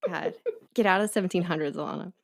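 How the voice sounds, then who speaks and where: Woman podcast host, low voice, chatty storyteller, laughing asides. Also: quick pace, creaky. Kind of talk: casual storytelling chat.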